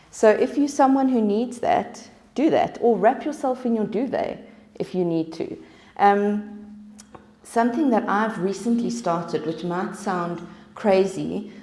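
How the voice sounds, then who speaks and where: A woman's voice: mid-range voice, mellow. A woman, giving an informal talk to an audience at a wellness event, chatty and acting out the voices she quotes. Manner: chatty, acts out quoted voices, laughs at herself. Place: event room. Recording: roomy echo.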